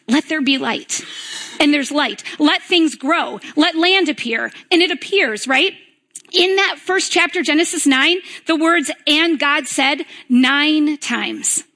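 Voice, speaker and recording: Woman pastor giving a sermon, keeps asking "right?", high bright voice. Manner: conversational, asks "right?" often.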